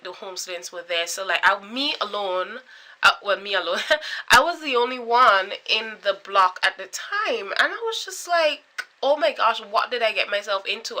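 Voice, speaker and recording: A young woman in her twenties with a Caribbean accent, chatting to camera in an animated, storytelling way. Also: a little high. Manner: animated, chatty, full of filler likes and dramatic quoted reactions. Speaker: vlogger.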